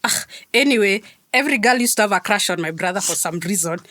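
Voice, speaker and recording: Animated woman telling stories with laughs. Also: quick pace, no echo. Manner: animated storyteller, acts out quotes with big pitch jumps and laughs. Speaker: podcast co-host. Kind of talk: casual chat.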